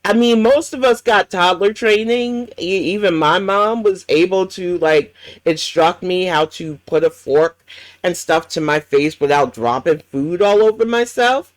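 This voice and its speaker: A woman's voice: lowish voice, measured pace, dry recording. A woman hosting a reaction commentary, ranting bluntly and swearing often. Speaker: commentary channel host.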